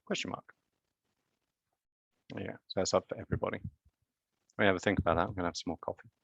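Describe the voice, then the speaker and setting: Man, genetics lecturer, chatty with jokes, deep-ish voice, dry dull lo-fi sound. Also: steady tone, fast, vocal fry, fairly bright tone, breathy edge, no room sound. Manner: chatty, joking asides, quizzes students. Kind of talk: live online lecture.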